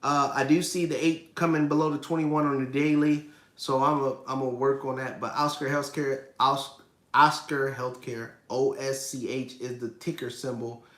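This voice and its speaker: Hosting an informal finance livestream, a man in his thirties answers chat questions and hammers his points home through emphatic repetition. He has a mid-range voice with a flat delivery at a moderate pace, slightly bright, in a roomy-sounding space.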